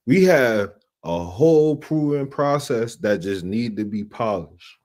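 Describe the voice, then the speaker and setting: A man's voice: mid-range voice, expressive, a little slow, a little mellow. A man hosting a late-night streaming show, chatting casually in slangy, laid-back talk. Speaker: show host. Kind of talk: casual chat.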